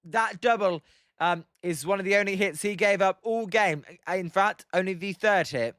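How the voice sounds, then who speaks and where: A man's voice: sits high, normal speed, fairly bright tone, dry recording, studio quality. A young English man giving casual live reaction commentary on a baseball game as a stream host, chatting and answering viewer comments with frequent fillers. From England. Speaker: livestream host watching baseball.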